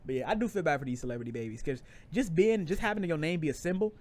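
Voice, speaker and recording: A man's voice: fairly high pitch, expressive, rapid-fire, darkish tone. A young man co-hosting a podcast, talking in slangy casual chat with lots of repeats and restarts. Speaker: podcast co-host.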